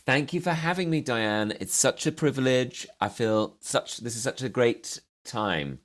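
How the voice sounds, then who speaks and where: A man's voice: medium pitch, lively intonation, a little slow, fairly bright tone. A man from southeast London, a comedian as guest, telling stories in a wry, well-spoken manner. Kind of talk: casual chat.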